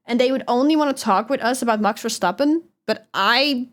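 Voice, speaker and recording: A young woman speaks English with a Dutch accent in a relaxed livestream chat. Her voice sits a little high, and she rambles, swears casually and laughs between thoughts while reading chat. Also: brisk. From Netherlands. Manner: chatty and loose, swears, laughs often. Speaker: streamer.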